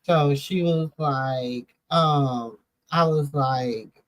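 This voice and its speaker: A woman's voice: sits low, extremely slow, low-quality recording. Rambling, easygoing middle-aged woman host. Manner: loose, rambling storytelling with lots of fillers. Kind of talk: casual chat.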